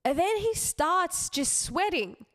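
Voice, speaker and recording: A young woman, a comedian hosting her podcast, telling a story in a rambling, animated way with self-aware asides. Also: very high-pitched, slow pace. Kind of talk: casual comic storytelling.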